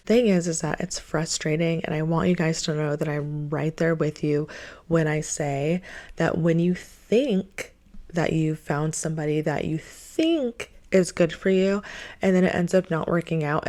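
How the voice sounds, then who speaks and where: Earnest woman vlogger, lowish voice. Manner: earnest and animated, repeats phrases for emphasis. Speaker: relationship advice vlogger. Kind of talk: heartfelt advice vlog talk.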